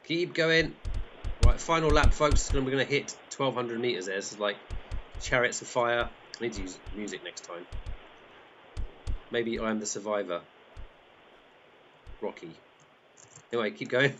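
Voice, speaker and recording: A man hosting a group in excitable, chatty live commentary, often laughing as he talks. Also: on the low side, normal speed, pauses often, lo-fi sound, slight background noise. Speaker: group host.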